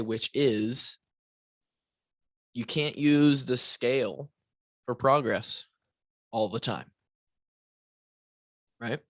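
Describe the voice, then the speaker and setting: This fitness coach and podcast host has a fairly low-pitched voice, recorded dry. Talking alone and casually, he restarts sentences, wanders into asides and keeps saying "right?", all while sounding tired and yawning.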